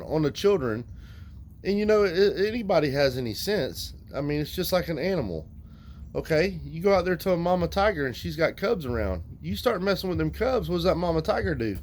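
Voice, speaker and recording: A man's voice: sits high, a little mellow, slight background noise, poor audio. A man, speaking bluntly and profanely as he rants straight at his viewers. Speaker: vlogger. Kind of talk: casual ranting monologue to viewers.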